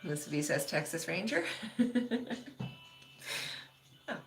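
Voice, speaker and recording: A woman's voice: deep voice, sing-song, slow, creaky, fairly bright tone, soft background music. A woman hosting a casual livestream, chatting loosely with lots of "like" and laughing often as she reads viewer comments. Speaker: livestream host.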